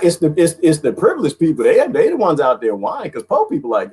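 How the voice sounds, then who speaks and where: A man's voice: mid-range voice, huge pitch swings, fairly quick, dark tone, husky. A man from the Washington, D.C. area hosting a casual livestream, greeting viewers by name and switching voices playfully. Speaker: livestream host reading viewer comments.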